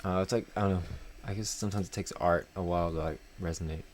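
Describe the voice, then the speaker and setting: A man co-hosting a podcast in casual chat, chatty and quick to laugh, with lots of fillers. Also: sits low, fairly even intonation. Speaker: podcast co-host.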